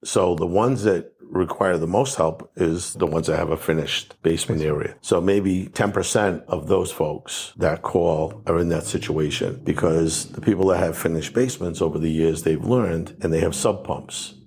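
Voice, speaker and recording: A man's voice: low voice, normal speed, vocal fry, hardly any pauses, darkish tone, breathy edge. A man being interviewed as a water damage and mold restoration expert, explaining things step by step in a practical, conversational way.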